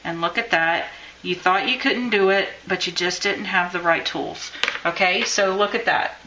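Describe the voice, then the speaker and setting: Bright-voiced lady doing a chalk lettering stream, chatty and encouraging, faint hiss in the background. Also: fairly low pitch, moderate pace, rough recording. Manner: chatty, encouraging, talks while working. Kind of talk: live-stream drawing tutorial.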